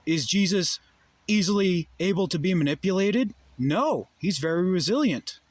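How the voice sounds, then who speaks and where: Young guy ranting into the camera, swearing a lot, firing off rhetorical questions, voice sits a bit high. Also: animated, moderate pace, no room sound. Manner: profane, rhetorical questions, heated. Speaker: vlogger. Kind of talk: ranting monologue.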